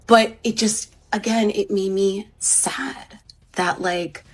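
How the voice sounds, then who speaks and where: Rambling, halting woman confiding. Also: mid-range voice, fairly even intonation. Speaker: mother. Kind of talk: personal confessional vlog.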